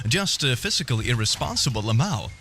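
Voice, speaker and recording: A man's voice: medium pitch, big pitch swings, fairly quick, pushed and bright, soft background music. A man streaming casually, reading online posts aloud and mocking them in a playful, teasing way.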